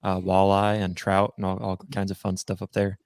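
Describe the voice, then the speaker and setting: A man's voice: low-pitched, completely flat delivery, normal speed, vocal fry, a little mellow, dry recording. A man appearing as a guest on a casual sports podcast, talking in a laid-back way and teasing playfully.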